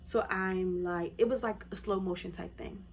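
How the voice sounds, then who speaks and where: A woman's voice: moderate pace, vocal fry, slight background noise. A woman telling her own story in a casual vlog, acting out what others said in a raised voice. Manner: animated, acts out quoted voices in a higher pitch.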